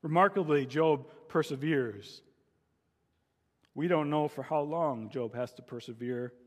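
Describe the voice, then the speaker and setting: A man preaching in a church sanctuary with a long, ringing reverb. His voice sits somewhat high for a man. He tells a story and acts out anguished cries from it with rising intensity. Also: measured pace. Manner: storytelling, rising to dramatic cries in quoted pleas. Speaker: pastor. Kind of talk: sermon.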